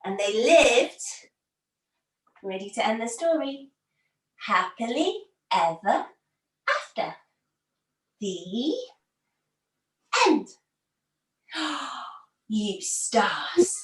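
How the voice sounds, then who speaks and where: A woman with a high voice leads children through a yoga story at an unhurried pace, animated and full of gasps and cheerful encouragement. She speaks over a video call, and the sound is roomy and distant from the mic. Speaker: kids' yoga teacher.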